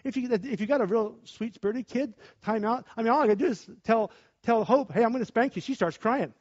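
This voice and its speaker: Impassioned preacher, high and dull-sounding. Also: male voice, a little fast. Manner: impassioned, swings from shouting to quiet talk. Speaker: pastor. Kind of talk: preaching sermon with discussion. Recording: dull lo-fi recording.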